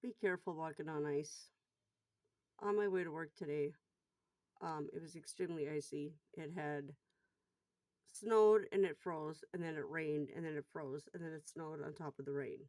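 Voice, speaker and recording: A middle-aged woman, a bar worker, telling a personal story in a casual vlog. She talks bluntly, swears freely, and gets loud and worked up while retelling it. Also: sits low, moderate pace, dry recording.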